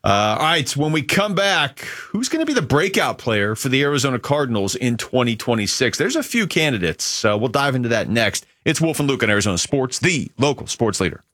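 A male sports radio host in a dry, close studio sound, talking at a middle pitch. He keeps up a teasing, quick back-and-forth with his co-host and moves easily into live ad reads. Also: very animated, fairly bright tone, no echo. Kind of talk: casual sports radio talk and live-read ads.

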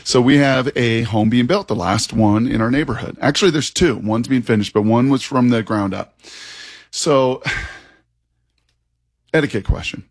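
A man co-hosting a sports radio show, wandering through his point with "like" and half-finished thoughts. His voice sits at an ordinary middle pitch. It is close and dry on a studio mic. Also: a little slow, dry recording. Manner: rambling, meandering with fillers and restarts. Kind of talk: casual studio banter. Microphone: studio microphone.

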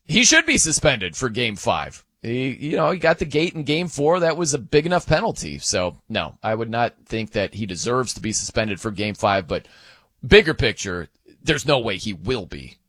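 A man hosts sports talk radio, holding forth in an emphatic, sarcastic monologue. His voice sits a bit high and swings widely in pitch. The studio sound is dry and close. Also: fairly bright tone, no room sound. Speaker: sports radio fill-in host.

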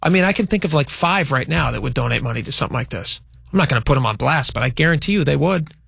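A man's voice: fairly high pitch, expressive, fast talker, gravelly, a bit bright, slightly rough, dry recording, clean studio sound. A man co-hosting a talk radio show, chatting casually and reading news quotes aloud.

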